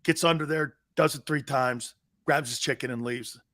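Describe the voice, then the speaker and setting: A middle-aged man hosting a live sports talk show, brash and blunt, swearing freely and jumping between loud bursts and low asides. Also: fairly even intonation, moderate pace.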